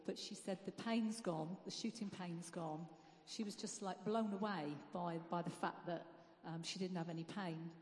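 A woman's voice: on the low side, fairly even intonation, moderate pace, darkish tone. A woman giving a casual church testimony, telling the story chattily and quoting others along the way. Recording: echoey hall, live church mic.

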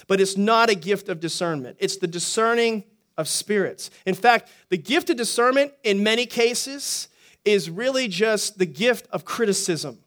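High-voiced pastor preaching. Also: male voice, moderate pace, a bit bright. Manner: conversational, joking asides, frequent restarts. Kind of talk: sermon.

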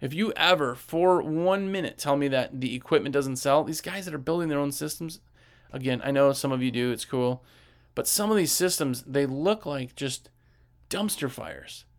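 Gravelly man coaching in a chatty way. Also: mid-range voice, moderate pace. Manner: animated, acts out customers' voices; conversational, asks rhetorical questions. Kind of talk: casual talk, coaching tips.

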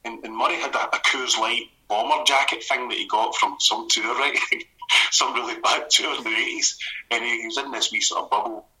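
A Scottish man in middle age tells stories at a rapid clip, his voice bright and forceful. He keeps restarting sentences and laughing as the tales spill out. His pitch sits in an ordinary middle range. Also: steady tone, poor audio. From Scotland. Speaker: guest, comedy writer. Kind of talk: casual radio conversation.

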